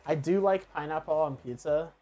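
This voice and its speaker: A man's voice: fairly high pitch, normal speed, mellow, highs cut off, soft background music. A man co-hosting a livestream in casual chat, with dry, teasing remarks. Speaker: co-host.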